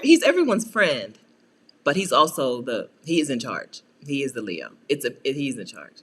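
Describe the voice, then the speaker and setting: A woman's voice: very animated, normal speed, fairly bright tone. A woman hosting a casual livestream, chatting with viewers and answering their comments, laughing often and playful. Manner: laughs often, playful, swings into high-pitched exasperated asides. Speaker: coach and channel host.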